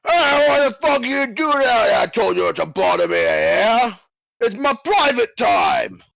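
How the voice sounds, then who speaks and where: A man voicing a huge, gruff male guard boss who bellows crudely at intruders. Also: very high-pitched, sing-song, a little slow, a bit bright, no echo, voice pushed up, exaggerated voice. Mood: angry.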